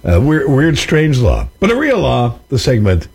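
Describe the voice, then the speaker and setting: A man's voice: mid-range voice, unhurried, gravelly, husky. A man hosting a classic rock radio show, joking casually with many fillers. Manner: jokey, lots of uh fillers, animated. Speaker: radio host. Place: radio studio.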